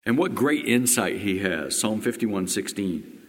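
A male pastor preaching a sermon, firing rhetorical questions and swinging between loud emphatic lines and hushed ones. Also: lowish voice, lively intonation, a little slow. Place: church sanctuary. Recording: long hall reverb.

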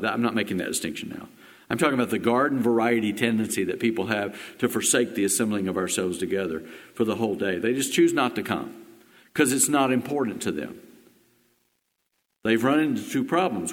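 Preaching man in a reverberant hall. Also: mid-range voice. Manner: emphatic preaching with rhetorical questions, swinging between loud and hushed. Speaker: pastor. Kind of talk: sermon. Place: church sanctuary.

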